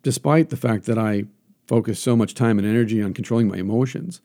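A man hosting a solo talk, coaching the listener earnestly and putting questions to himself out loud. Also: on the low side, brisk. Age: adult, teaches classes. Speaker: podcast host.

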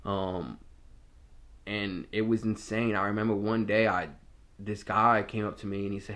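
A man's voice: lowish voice, little pitch movement, normal speed, fairly bright tone. A young man, a former corrections officer, telling his own story in a candid, reflective way, often restarting his sentences. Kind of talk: personal storytelling monologue.

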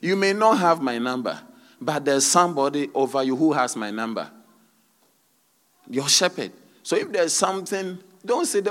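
A man's voice: fairly high pitch, lively intonation, normal speed, fairly bright tone. A man preaching a sermon as a pastor, peppering his teaching with hallelujahs and rhetorical questions to the congregation.

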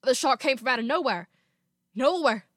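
A woman doing a young starship crewman from a space adventure, speaking in quick, clipped reports with an attempted New Zealand accent. The voice is fairly high and dry, with no room around it. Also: lively intonation, a bit bright, dry recording. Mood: urgent.

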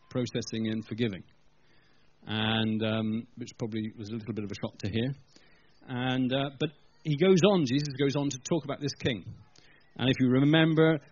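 A husky-voiced man delivers a sermon in a chatty, storytelling manner and turns often to talk straight to his listeners. His voice sits at an ordinary middle pitch. The recording sounds dull and lo-fi. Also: a little mellow. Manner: conversational, storytelling, addresses the congregation directly. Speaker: preacher.

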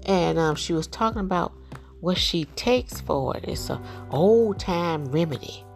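A woman's voice: fairly low pitch, a little slow, gravelly, faint music behind. A middle-aged woman giving folksy advice in a casual vlog, sprinkling her talk with "you know" and "right?". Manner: animated when acting out quoted dialogue. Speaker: parent sharing life advice.

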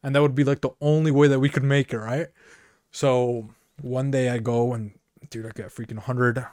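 A man's voice: mid-range voice, flat delivery, normal speed, a little mellow, dry recording, clean studio sound. A man from Mexico co-hosting a podcast, telling a rambling comic story and dropping "dude" and "you know" constantly. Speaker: podcast co-host. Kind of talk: casual comedic storytelling.

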